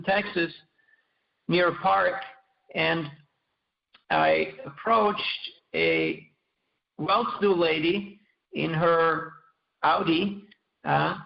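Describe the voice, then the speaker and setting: A man speaks in a high, heavily gravelly voice, teaching scripture at a measured pace and telling stories from his own life. The recording is dull and lo-fi. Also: reverberant. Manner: storytelling, measured, with fillers and repeats. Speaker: speaker giving a scripture class. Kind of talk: sermon.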